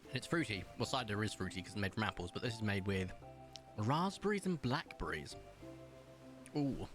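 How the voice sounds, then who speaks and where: A man's voice: on the low side, sing-song, normal speed, over music. A young British man streaming live and chatting casually, rambling with lots of fillers and restarts.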